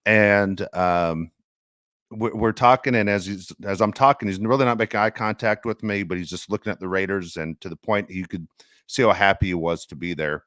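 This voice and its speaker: Man, podcast host, very deep voice, dry studio sound, earnest reflective storyteller. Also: moderate pace, a bit bright, dry recording. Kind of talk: casual sports podcast chat.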